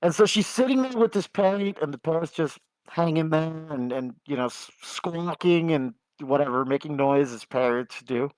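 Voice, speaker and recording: A man's voice: a little high, lively intonation, normal speed, hardly any pauses, darkish tone, dry recording, rough recording. A man co-hosting a gaming podcast, telling long jokes casually with lots of fillers. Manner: rambling storyteller with filler words. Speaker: podcast co-host.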